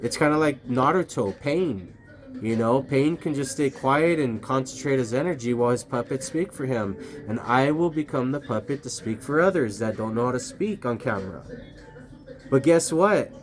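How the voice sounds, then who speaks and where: A man's voice: medium pitch, lively intonation, moderate pace, soft background music. Man rambling and swearing to camera. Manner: rambling, profane, laughs a lot. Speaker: vlogger. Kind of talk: casual rambling talk to camera. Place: outdoors at night.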